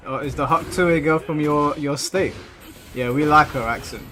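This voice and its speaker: A man's voice: a little high, moderate pace, bright, forceful tone. A British man hosting an online gaming tournament stream, chatting casually and reading out viewer comments before answering them. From United Kingdom. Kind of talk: casual live-stream chat. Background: music.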